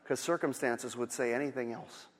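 A man's voice: medium pitch, moderate pace. A male pastor giving a sermon with emphatic, repetitive preaching. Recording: long hall reverb.

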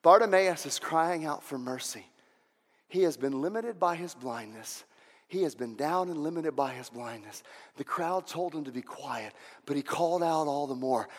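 A high-pitched male pastor preaching with fervor, hammering home each point through repetition. His voice rings out with the long reverb of a large church sanctuary. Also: animated, moderate pace. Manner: fervent, repeats phrases for emphasis. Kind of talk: sermon.

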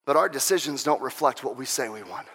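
A man preaching a sermon with impassioned delivery, swinging between shouted exhortations and quieter teaching and firing off repeated rhetorical questions. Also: mid-range voice, expressive, quick pace, slightly rough. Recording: long hall reverb.

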